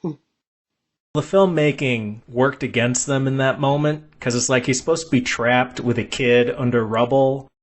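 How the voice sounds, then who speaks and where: A man hosting a casual film podcast, asking his co-hosts questions and laughing often. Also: medium pitch. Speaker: podcast host.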